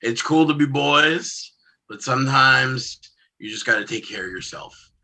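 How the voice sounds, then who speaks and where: Husky, bright-toned wrestler, calm. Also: male voice, mid-range voice, measured pace. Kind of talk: interview answer.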